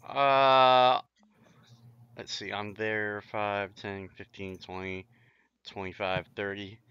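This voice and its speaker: A man speaks slowly and hesitantly while he works out his turn at the gaming table. His voice is low but very bright and smooth, and the recording is dry and dull, lo-fi. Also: flat delivery, no echo. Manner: hesitant, thinking aloud. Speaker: player. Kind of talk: casual tabletop game play. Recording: dull lo-fi sound.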